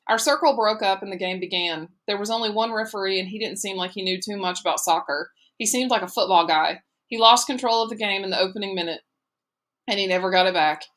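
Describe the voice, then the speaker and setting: A woman's voice: medium pitch, fairly bright tone. Woman narrating an audiobook steadily.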